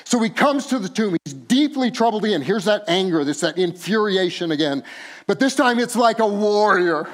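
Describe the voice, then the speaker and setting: A man's voice: high voice, lively intonation, fairly quick. Man preaching with big swings in volume. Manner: swings from hushed tenderness to loud, laughing emphasis. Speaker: pastor. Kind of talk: sermon.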